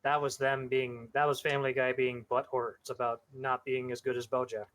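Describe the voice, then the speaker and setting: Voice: medium pitch, little pitch movement, brisk, fairly bright tone. A game master chatting casually with players, making dry, wry jokes.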